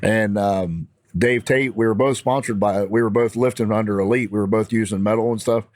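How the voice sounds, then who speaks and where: A man with a Midwestern American accent telling a story in a casual, animated, fired-up way. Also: lowish voice, brisk, dry recording, studio quality. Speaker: podcast guest.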